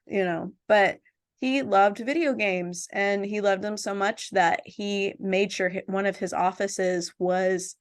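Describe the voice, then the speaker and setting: A woman hosting a podcast, chatting casually and telling family stories with quick asides. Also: mid-range voice, fairly even intonation. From family from Jamaica. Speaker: podcast host. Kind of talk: casual chat.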